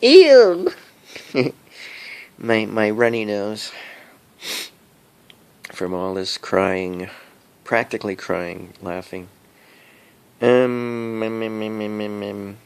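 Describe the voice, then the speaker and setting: A man's voice: lowish voice, steady tone, slow pace, pauses often, smooth. A middle-aged man rambling to his phone camera, giggling often as he talks. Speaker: vlogger. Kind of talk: rambling casual monologue to camera. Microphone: cell phone camera.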